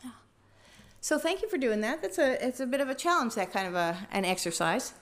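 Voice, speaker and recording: Woman workshop trainer, slightly high voice, conversational, draws the room in with questions. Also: animated, a little fast, a bit bright. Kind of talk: teaching a workshop.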